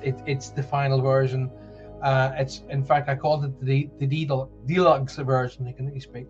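A man with a softened Northern Irish accent, hosting a live show and chatting warmly to viewers as he reads out their messages. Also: mid-range voice, muffled recording. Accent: soft Northern Irish. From Northern Ireland. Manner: chatty, rambling, reads messages aloud with put-on voices. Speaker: host of a live call-in show.

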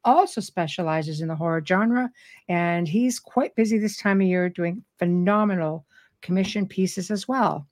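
A middle-aged woman hosting a live talk show, speaking in a robust, animated way from years of public speaking. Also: on the low side, normal speed. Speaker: host. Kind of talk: casual chat.

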